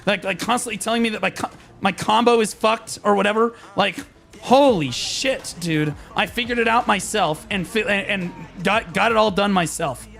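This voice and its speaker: High, gravelly young man streaming a game. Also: moderate pace, fairly bright tone, soft background music. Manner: frustrated, profane, rambling with repeated restarts. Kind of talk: live-stream rant.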